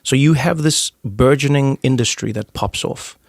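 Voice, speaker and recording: A man's voice: mid-range voice, normal speed, gravelly, dry recording, studio quality. A man with a South African accent, a podcast guest and comedian, telling anecdotes in a casual interview and acting out the voices of the people in them. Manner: animated storyteller who acts out the voices in his anecdotes.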